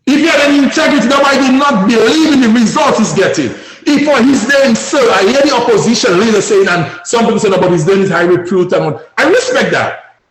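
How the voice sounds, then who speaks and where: A man from Dominica with a Dominican accent, calling in to a radio talk show with fervent, preachy commentary that rises to shouts. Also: very high voice, expressive, quick pace, echoey room, rough recording. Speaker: caller. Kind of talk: impassioned call-in commentary.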